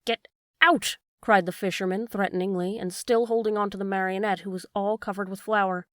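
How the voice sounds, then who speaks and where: Woman calmly narrating a fairy tale. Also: medium pitch, a little fast, no echo, studio quality. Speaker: storybook reader.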